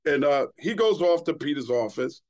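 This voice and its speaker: At a moderate pace, a middle-aged Queens native and ex-TV host shares profane, animated stories as a podcast guest. His fairly high voice shifts as he acts out what people said in the relaxed chat.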